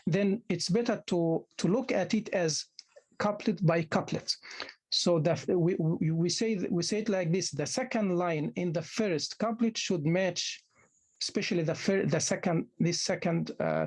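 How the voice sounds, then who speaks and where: Guy lecturing, kinda husky voice, keeps repeating terms and restarting, patient explainer. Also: high-pitched, a little mellow. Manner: often restarts phrases with hesitant fillers. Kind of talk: classroom lecture.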